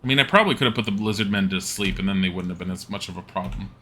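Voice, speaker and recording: A man's voice: deep voice, racing, bright, forceful tone, slight background noise. A man streaming a game live, giving wry, casual commentary that swears now and then and reads menu choices aloud.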